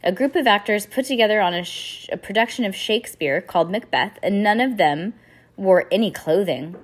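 Brief: a bookish storybook boy, read by a woman, firm and matter-of-fact, husky edge. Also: medium pitch, fairly quick, lightly acted.

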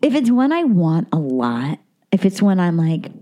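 A woman actress as a guest in a casual chat, animated, laughing often and swearing freely. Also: on the low side, moderate pace.

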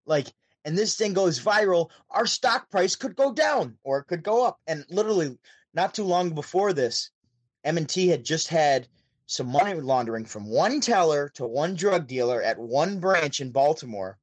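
A podcast guest from Syracuse, New York, who works as a DJ and show host, relays a long story over a call. His voice is on the high side and expressive, at a normal speed with no echo, and he performs the quoted voices along the way.

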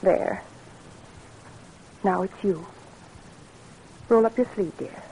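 An actress playing a loyal, devoted wife in a 1940s radio drama, speaking in a gentle, pleading way. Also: female voice, mid-range voice, slow, slight background noise, rough recording. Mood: tender, resolute.

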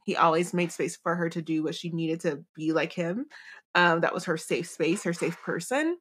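A woman's voice: on the low side, fairly bright tone. A woman co-hosting a podcast, talking through a book chapter in a loose, rambling way with lots of fillers and restarts. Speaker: podcast co-host. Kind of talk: casual book discussion.

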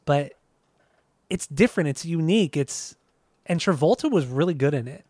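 A man co-hosting a casual podcast chat, relaxed and rambling, often restarting his sentences. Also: a little high, normal speed, no room sound, studio quality. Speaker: podcast co-host.

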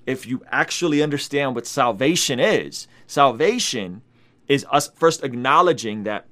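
A man's voice: medium pitch, animated, moderate pace, fairly bright tone. A man hosting a Christian video, preaching emphatically and repeating his key points. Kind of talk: preaching commentary.

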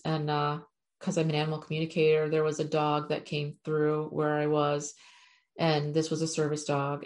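A woman's voice: low voice, vocal fry, a little mellow. A middle-aged woman, an animal communicator, giving a chatty, frank spiritual talk to her viewers with casual swearing.

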